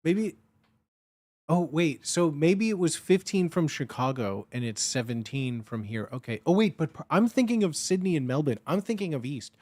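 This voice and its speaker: A young man rambles casually on his livestream, getting excited again and again and swearing freely. He speaks at a moderate pace in a fairly high voice, recorded dry and close to the mic.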